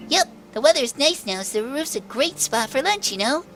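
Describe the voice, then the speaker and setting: A man voicing an eager, apologetic athletic teenage schoolgirl in a chirpy, pleading falsetto, reading a visual novel game. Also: sing-song, moderate pace, fairly bright tone, a little hiss or hum, full character voice.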